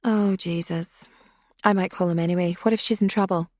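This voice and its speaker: A woman's voice: fairly low pitch, steady tone, normal speed, darkish tone, no echo, studio quality, close to an everyday voice. Woman voicing a fretful, stressed woman. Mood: worried. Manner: worried and fretful.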